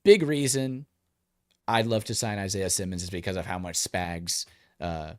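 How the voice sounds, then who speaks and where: A man's voice: sits low, normal speed, dry recording, clean studio sound. A man co-hosting a casual sports podcast, talking energetically with lots of fillers. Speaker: podcast co-host.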